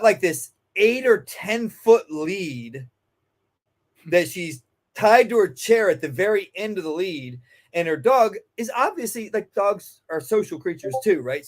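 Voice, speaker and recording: Guy telling stories on a podcast, pretty high voice, goes all over the place pitch-wise, cusses a bunch. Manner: profane, emphatic, acts out quoted voices. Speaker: dog trainer and security consultant, guest. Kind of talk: animated storytelling in casual conversation.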